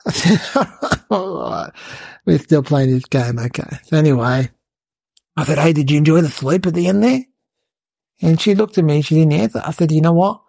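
A woman playing a cheeky, clueless little boy who tells a comic story in a rambling, deadpan way with childlike logic. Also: low-pitched, moderate pace, pauses often, no echo. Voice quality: creaky, husky. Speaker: podcast comic character narrator. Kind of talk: comic character monologue.

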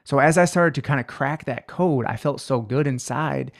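A man's voice: mid-range voice, normal speed, creaky. A man in his twenties, a guest on a podcast, telling his life story in an earnest, reflective way. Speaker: podcast guest, healing coach. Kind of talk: personal story in an interview.

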